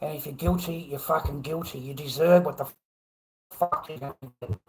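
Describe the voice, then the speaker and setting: A man's voice: a little high, normal speed, darkish tone, slightly rough. An Australian man on a livestream, ranting heatedly, swearing constantly and repeating himself. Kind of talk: angry livestream rant.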